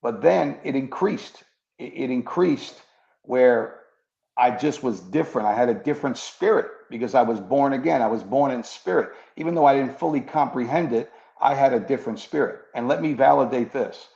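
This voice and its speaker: A man with a gravelly, creaky voice tells his conversion story earnestly and steadily, a former cop who now preaches. He slips into the voices of the people he quotes. The sound is dull and echoey, as if picked up in a reverberant room. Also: medium pitch, normal speed, mellow. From New York. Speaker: guest, former police officer turned preacher. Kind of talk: personal testimony in an interview.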